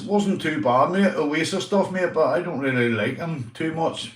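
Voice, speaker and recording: A man's voice: fairly high pitch, moderate pace, few pauses, recorded from a distance. A Northern Irish man hosts a loose, casual livestream and curses constantly as he chats with his viewers. His voice sits a little away from the mic, in a roomy, echoing space. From Northern Ireland. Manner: swears constantly, chatty, addresses viewers by name. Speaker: livestream host.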